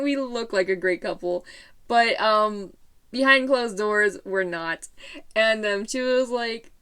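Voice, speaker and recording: A woman's voice: on the high side, moderate pace, a bit bright, clear, resonant tone. A teenage girl telling a story in a casual vlog, bubbly and rambling with lots of fillers. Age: late teens.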